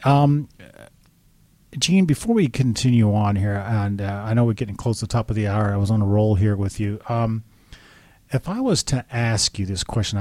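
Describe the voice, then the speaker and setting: Lower-pitched man hosting an interview. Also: darkish tone, no echo. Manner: enthusiastic, rambling with restarts. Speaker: podcast host. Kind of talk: casual interview chat.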